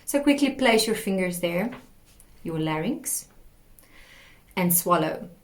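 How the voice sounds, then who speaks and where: A woman teaching a singing lesson, explaining patiently and demonstrating sung warm-up exercises. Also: lowish voice, animated, slow. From South Africa. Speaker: vocal coach.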